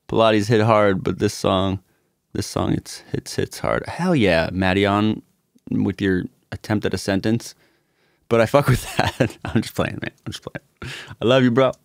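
Casting note: gravelly, unhurried male producer talking to stream viewers, music under him. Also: on the low side, no echo. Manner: muttering to himself, swearing, self-mocking. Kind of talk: casual livestream chat while producing. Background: music from the session.

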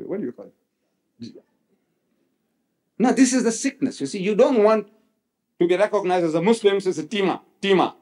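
An older man giving a public religious lecture, rhetorical and animated, quoting others in voices. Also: sits high, brisk, pauses often. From South Africa. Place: lecture hall.

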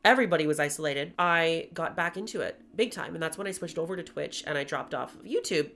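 A woman's voice: low-pitched, lively intonation, fast talker, creaky, fairly bright tone. A woman in her twenties chatting candidly to camera while doing her makeup, with playful asides. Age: 20s. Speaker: YouTuber and streamer. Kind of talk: casual vlog chat while doing makeup.

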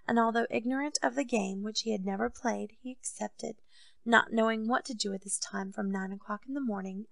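Gravelly woman reading an audiobook. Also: on the high side, dry recording. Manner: steady, unhurried storytelling. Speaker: audiobook narrator. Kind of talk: audiobook reading of a classic novel.

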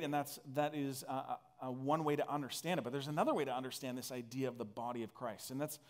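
A man from northern Canada preaching a conversational sermon, earnest and full of restarts. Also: mid-range voice. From northern Alberta, Canada. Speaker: pastor.

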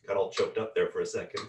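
A man with a low, deep voice leads a guided yoga breathing practice, counting each inhale and exhale in a slow, calm cadence. He sits away from the mic in an echoey room. A metronome ticks loudly behind him. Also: a little hiss or hum. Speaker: yoga teacher. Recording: roomy sound from a distant mic with a loud ticking metronome. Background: metronome clicking once a second.

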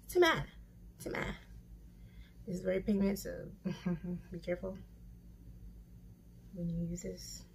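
Young woman, makeup tutorial chat, gravelly, slow drawl, faint room noise. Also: fairly low pitch, steady tone. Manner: chatty, self-mocking, swears and laughs often. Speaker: beauty vlogger. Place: home room with mirror and lights. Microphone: camera mic.

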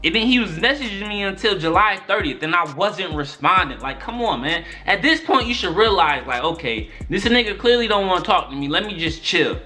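A man's voice: high voice, pushed and bright. A young man telling a story-time tale in casual, profane slang, often repeating "son" and "my nigga". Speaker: YouTube storyteller.

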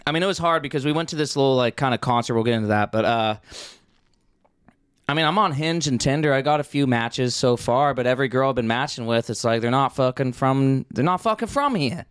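Brash swearing young man, smooth voice. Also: mid-range voice, brisk, dry recording, studio quality. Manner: brash, joking, swears a lot. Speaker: podcast co-host. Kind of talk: crude casual banter.

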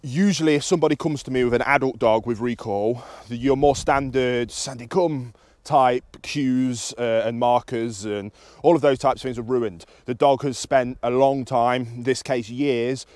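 A British man, a dog trainer, calmly explaining his method to the camera outdoors while he works a dog. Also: moderate pace, dry recording. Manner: calm and instructive, with high excited praise to the dog.

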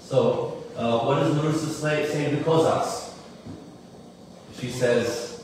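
A man in his forties who tells a story to an audience, animated, with many fillers and asides. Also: mid-range voice, takes it slowly, pauses often. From United States. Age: 40s. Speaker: musician giving a talk. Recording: echoey hall, mic at a distance, faint room noise.

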